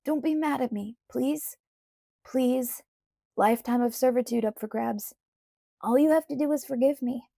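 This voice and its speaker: A woman voicing an eager, remorseful teenage werewolf boy in an audiobook, rushing through pleading apologies. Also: high voice, vocal fry, warm tone, dry recording, clean studio sound, voice pushed up.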